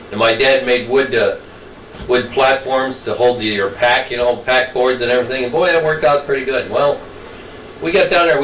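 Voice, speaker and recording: A man's voice: medium pitch, fairly bright tone. An older man telling childhood stories in a rambling, folksy way. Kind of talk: casual storytelling. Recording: roomy distant mic, faint noise.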